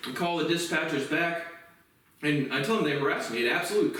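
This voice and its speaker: A man delivering an angry, profane vlog rant that bursts into shouting. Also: a little high, lively intonation, brisk, recorded from a distance. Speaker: vlogger. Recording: very echoey room, voice off-mic.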